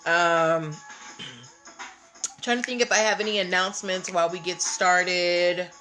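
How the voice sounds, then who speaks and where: A woman's voice: lowish voice, fairly even intonation, slow pace, sharp tone, soft background music. A woman hosting a casual livestream, chatting with viewers and greeting them by name. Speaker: livestream host.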